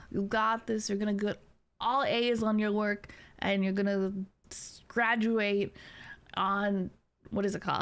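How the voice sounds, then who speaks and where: A young adult woman streamer chatting casually with viewers, laughing often and teasing. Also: mid-range voice.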